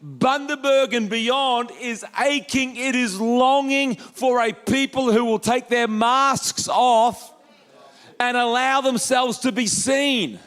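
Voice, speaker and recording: A man preaching a lively sermon as pastor, acting out quoted voices with jokey asides. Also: very high-pitched, slow pace. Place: church hall.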